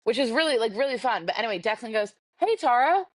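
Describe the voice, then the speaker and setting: A woman's voice: a little high, racing, dry recording. A woman, telling a dating story as a podcast co-host and acting out the quoted dialogue. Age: 20s. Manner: chatty, animated, acts out quoted dialogue. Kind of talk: casual storytelling chat. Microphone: video call.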